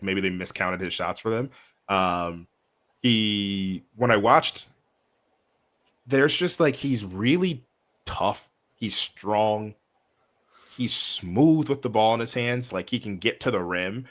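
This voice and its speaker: A man's voice: fairly low pitch, fairly bright tone. A young man co-hosting a casual basketball podcast, rambling with lots of fillers and restarts. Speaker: podcast co-host. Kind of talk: casual sports podcast chat.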